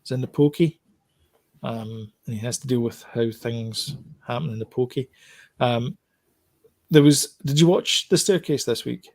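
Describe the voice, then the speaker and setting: A man's voice: mid-range voice, a little slow, a little mellow. A man co-hosting a casual podcast, talking about TV shows in a rambling way, with lots of fillers and restarts. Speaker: podcast co-host.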